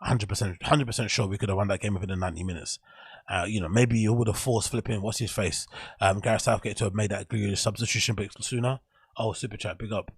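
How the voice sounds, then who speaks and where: A man's voice: fairly low pitch, fairly even intonation, quick pace, husky, dry recording. A young man with an English accent, hosting a casual solo show and ranting with frustration and frequent swearing. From England. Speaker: show host.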